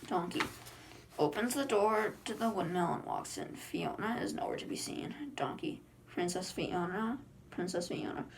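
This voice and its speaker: Woman reading a full script aloud; flat delivery, small slips, mid pitch. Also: moderate pace, creaky, in a whisper. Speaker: reader.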